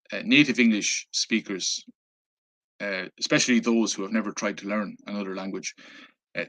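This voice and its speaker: Irish man, lowish voice, rambling travel anecdote, fillers and restarts. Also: pushed and bright. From Ireland. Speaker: travel vlogger. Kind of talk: casual anecdote telling.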